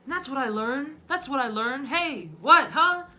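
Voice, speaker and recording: A woman impersonating an elderly male politician who keeps shouting to rouse himself, in a comedy sketch. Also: sits high, animated, normal speed, faint music behind, pitched above the performer's own voice, full character voice. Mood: shouty. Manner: rasping, shouting "folks" to wake himself.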